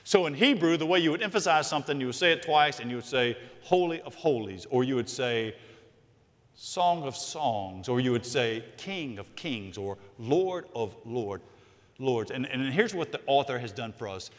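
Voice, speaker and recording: A man preaching a sermon as senior pastor, emphatic, swinging from loud to hushed. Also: mid-range voice, animated, normal speed, big-room sound. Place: large church sanctuary.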